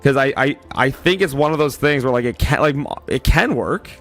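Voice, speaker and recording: Casting: raspy-voiced man, freshly out of bed, mid-pitched, loose rambling streamer chat, faint music behind. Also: a little fast, fairly bright tone. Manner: loose and rambling, many "like" fillers, greets chat by name. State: just woke up, yawning. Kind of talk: casual livestream chat.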